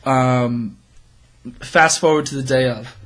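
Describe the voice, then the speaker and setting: A young man co-hosting a podcast, telling a story in casual chat, animated and swearing as he acts out his friends' lines. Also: mid-range voice, slow. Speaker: podcast co-host.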